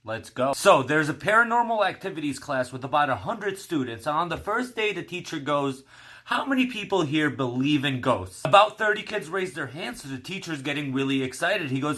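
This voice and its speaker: A man's voice: on the high side, bright, forceful tone. Man telling a dirty joke. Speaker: joke teller.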